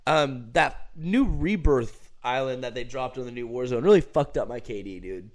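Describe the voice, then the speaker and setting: A man's voice: mid-range voice, expressive, normal speed. A man co-hosting a casual podcast, laid-back and loose, saying "dude" and "bro" a lot. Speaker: podcast co-host. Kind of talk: casual sports and gaming chat.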